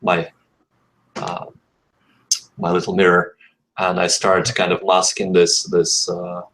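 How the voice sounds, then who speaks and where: A man's voice: sits low, monotone, slow pace, a bit bright, a little hiss or hum. A man playing a tabletop game, describing his character's actions in a hesitant, rambling way. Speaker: player. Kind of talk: casual tabletop game talk.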